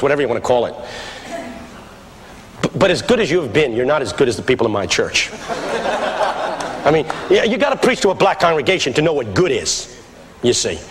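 A man from West Philadelphia telling a humorous sermon story, lively and building to shouts. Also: a little high. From West Philadelphia, USA. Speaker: preacher, guest speaker. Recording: archival talk in a reverberant hall with background noise.

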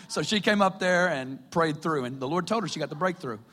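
A man's voice: sits high, brisk, sharp tone, big-room sound. A man preaching, telling his testimony as a chatty story and laughing often along the way. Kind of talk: personal testimony sermon. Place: stage in a hall.

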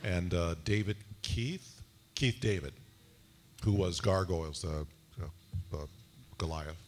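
A man's voice: deep voice, slow pace, a little hiss or hum. A male actor on a convention panel, rambling casually with lots of fillers and restarts.

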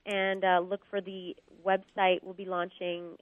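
Woman, phone-line sound, low-ish voice, dry, casual guest chat, hesitant fillers. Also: a little slow, dry recording. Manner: relaxed, thinks aloud with many ums and uhs.

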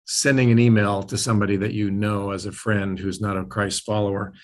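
A male host leads a relaxed interview in a fairly low voice. He speaks reflectively and slows down to stress key words. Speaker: podcast host. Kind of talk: casual interview chat.

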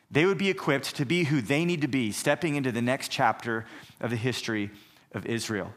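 A man's voice: mid-range voice, fairly bright tone. A man teaching a recorded Bible survey lesson, explaining earnestly and asking rhetorical questions.

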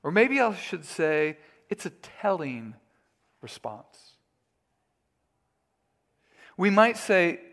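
A man's voice: high voice, very animated, extremely slow, creaky, pauses often, a bit bright. A male pastor preaching a sermon in an earnest, emphatic, storytelling way.

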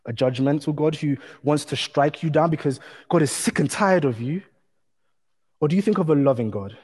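A man's voice: mid-range voice, a little mellow. Man preaching in a long-echo hall. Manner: measured, emphatic preaching with repetition. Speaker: pastor. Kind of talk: sermon.

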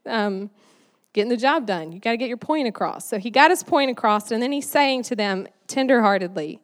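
A woman giving a conversational sermon, chatty and animated with lots of fillers. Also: on the high side, fairly quick. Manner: chatty and animated, many "like"s and "you know"s. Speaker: church speaker. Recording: long hall reverb.

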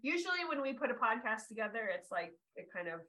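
A woman hosting a podcast in casual chat, excitable and talkative, quick to tear up when she gets excited. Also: fairly high pitch, poor audio. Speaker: podcast host.

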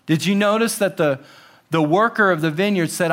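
High-voiced man preaching animatedly. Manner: animated, acts out quotes with exclamations and laughs; drops to soft, slow emphasis on key lines. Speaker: pastor. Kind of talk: sermon.

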